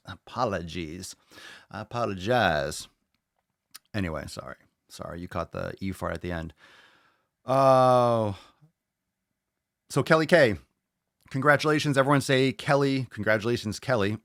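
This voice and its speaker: A man's voice: fairly low pitch, no room sound, studio quality. Profane, hyped podcast host, man. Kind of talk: casual live podcast chat.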